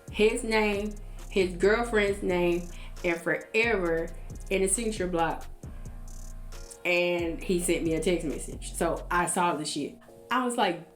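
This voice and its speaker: A woman's voice: medium pitch, reverberant. A young woman casually telling a personal story to her viewers, blunt and profane, acting out what others said.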